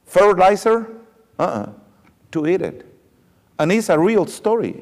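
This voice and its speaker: Brief: male preacher, fairly high voice, dramatic storyteller, long hall reverb. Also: a little slow. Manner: animated, repetitive, dramatic retelling. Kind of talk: sermon storytelling.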